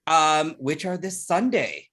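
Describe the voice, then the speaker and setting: A woman with a notably low voice co-hosts a casual horror podcast interview. Her pitch swings widely as she chats, bubbly and self-deprecating. She leans on fillers and laughs at her own slip-ups. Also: big pitch swings, slow pace, fairly bright tone. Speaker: podcast co-host.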